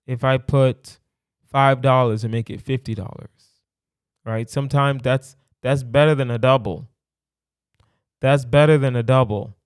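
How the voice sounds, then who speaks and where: A young adult man hosting a solo comedy podcast, thinking out loud in a playful, rambling way and checking in with "right?". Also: medium pitch, clear, resonant tone, no room sound, studio quality.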